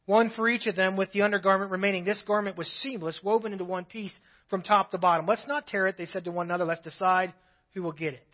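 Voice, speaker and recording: A man's voice: high-pitched, lo-fi sound. A male pastor preaching a sermon, reading scripture aloud and breaking off now and then for his own asides.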